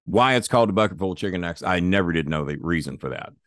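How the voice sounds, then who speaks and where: A man's voice: low-pitched, lively intonation, quick pace, a bit bright, dry recording, clean studio sound. An older man, a podcast guest, telling stories in a blunt, profane, plain-spoken way. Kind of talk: casual storytelling.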